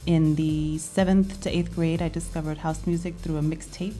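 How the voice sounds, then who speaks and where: A woman in her forties from Lawrence, Massachusetts, a spoken word artist and DJ, is a guest in a casual studio interview with music playing. Her voice is low with fairly even intonation and a moderate pace. She speaks openly and thoughtfully, saying "um" and "yes, sir."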